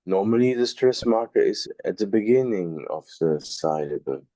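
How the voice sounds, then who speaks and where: A man's voice: fairly low pitch, lively intonation, normal speed, warm tone, no room sound. A man in an online class, asking careful, hesitant questions about the text. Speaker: student. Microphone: video call.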